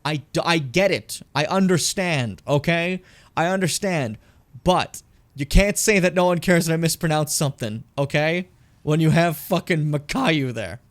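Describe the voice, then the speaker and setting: Playing through a game, a young man streams with a voice on the high side and a moderate pace. He's chatty and casual, talking to his chat and cursing frequently.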